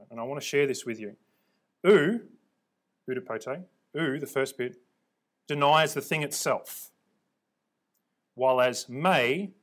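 A man preaching and teaching from the Bible, emphatic, repeating words for stress and checking in with his listeners. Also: medium pitch.

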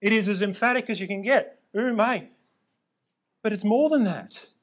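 A man's voice: sits high, moderate pace. A man preaching and teaching from the Bible, emphatic, repeating words for stress and checking in with his listeners.

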